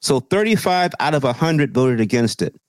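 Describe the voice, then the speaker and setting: A man's voice: mid-range voice, sing-song, normal speed, dry recording. A man co-hosting a podcast, talking politics in casual, profane, sarcastic chat. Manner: profane, sarcastic, mocking quoted voices. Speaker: podcast co-host.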